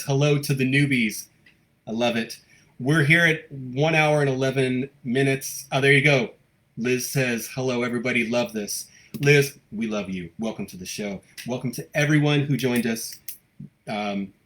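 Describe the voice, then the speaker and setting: An American man who hosts a local live show, talking fast and cheerfully as he reads out viewer comments. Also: medium pitch, steady tone, a bit bright. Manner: fast-talking, upbeat, gushing. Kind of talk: casual live-stream chat, reading viewer comments.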